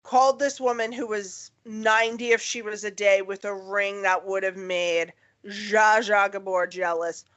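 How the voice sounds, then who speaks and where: A woman's voice: medium pitch, steady tone, measured pace, hardly any pauses, a bit bright. A young woman co-hosting a podcast in casual chat, telling stories animatedly and acting out the voices of people she quotes. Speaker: podcast co-host. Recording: dull lo-fi podcast audio.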